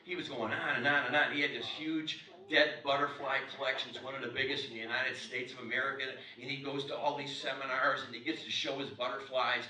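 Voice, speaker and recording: A man in his sixties, a motivational speaker telling a story to a live audience, acting out the dialogue and swinging from loud to hushed. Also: medium pitch, steady tone, fairly quick, hardly any pauses. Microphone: clip-on mic. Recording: echoey hall, mic from far off.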